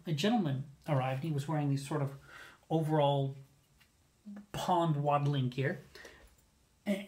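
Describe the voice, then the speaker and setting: A storyteller recounting a personal anecdote in a casual, animated way, often restarting sentences mid-thought. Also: medium pitch. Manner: animated, rambling, with self-corrections.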